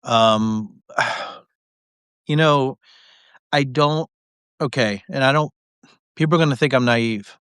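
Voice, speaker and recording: A man, a former congressman, telling a story as a guest on a live video chat, lively and swinging his voice when he quotes people. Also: slow, long pauses, clear, resonant tone, no room sound. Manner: animated storyteller, swings his pitch widely when quoting others. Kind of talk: casual storytelling.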